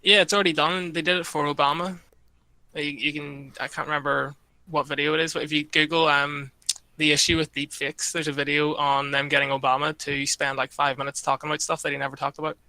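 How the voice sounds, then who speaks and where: Irish guy on a podcast call, bright tone, dry sound. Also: on the high side, level tone, a little fast, no room sound, rough recording. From Ireland. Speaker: podcast guest. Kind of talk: casual podcast chat.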